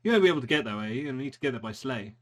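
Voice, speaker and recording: A man narrating a tabletop game as game master, halting with frequent ums. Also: medium pitch, expressive. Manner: hesitant, many ums and restarts.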